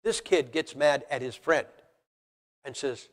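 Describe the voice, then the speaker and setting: Speaking a little high and fairly quickly, a man delivers an animated sermon to a congregation in a church hall. His approach is blunt and folksy, heavy on rhetorical questions. Long, large-hall reverb is audible.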